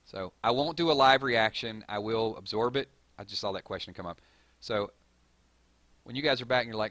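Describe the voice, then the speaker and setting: A man with a Southern drawl hosting a live stream, reading viewer comments and hyping up his audience in a rambling, excitable way. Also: fairly low pitch, a little fast, no room sound. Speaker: gaming channel host.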